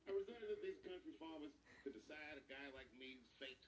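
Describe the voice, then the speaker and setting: Animated male stand-up comic, roomy. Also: a little high, a little fast, far from the mic, slight background noise. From Ohio. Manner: animated, mocking punchlines, puts on other voices. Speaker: stand-up comedian. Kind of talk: stand-up comedy set. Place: stage before a live audience.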